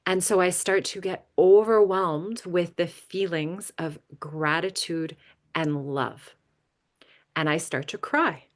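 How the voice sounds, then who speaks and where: A woman's voice: fairly low pitch, slow. A woman leading a boundaries workshop, telling a personal story and checking in with frequent "right?" questions. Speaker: workshop leader. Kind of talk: teaching a live boundaries workshop.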